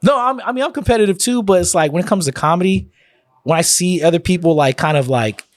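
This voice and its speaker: A man's voice: sits high, fast, dry recording. A man from Oakland, a comedian telling stories in a casual podcast chat, with many fillers and restarts. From East Oakland, California. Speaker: comedian guest.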